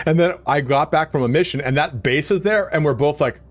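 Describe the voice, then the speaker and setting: A man chatting casually while live-streaming a game, excitable and swearing, his voice jumping up high when he gets worked up. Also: a little fast, hardly any pauses.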